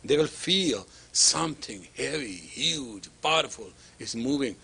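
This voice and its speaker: Husky, animated male spiritual teacher. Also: medium pitch, measured pace. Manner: emphatic, repetitive, acts out dialogue. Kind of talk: lecture to students.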